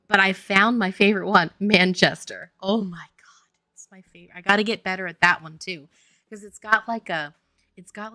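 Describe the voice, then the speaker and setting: A woman's voice: mid-range voice, pushed and bright, no echo, clean studio sound. A woman from Louisiana, a game developer chatting casually on a stream, rambling and laughing often. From Louisiana, US Southern. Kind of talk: casual chat on a dev stream.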